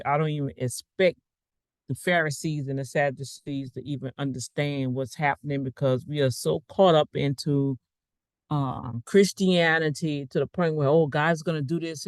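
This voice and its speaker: A man's voice: a little high, clear, resonant tone, dry recording. A man giving a casual, rambling online talk as a financial coach, preaching with asides while sharing his screen.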